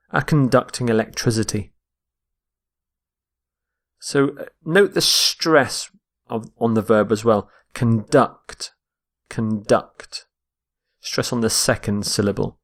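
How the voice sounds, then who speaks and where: A man teaching English vocabulary, explaining each word slowly and repeating it to show where the stress falls. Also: medium pitch. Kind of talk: slow, explained vocabulary lesson.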